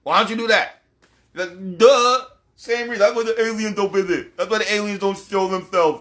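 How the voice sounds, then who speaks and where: A man's voice: high-pitched, moderate pace, fairly bright tone. A man giving a casual, profane monologue as a channel host, ranting animatedly and laughing often.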